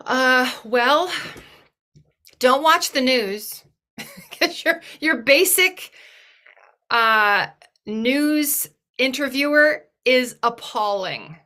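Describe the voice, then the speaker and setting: A woman's voice: sits high, expressive, very slow, pauses often, bright, forceful tone. A woman giving a thoughtful, earnest talk in a webinar, often restarting her phrases as she works through an idea. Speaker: webinar guest speaker.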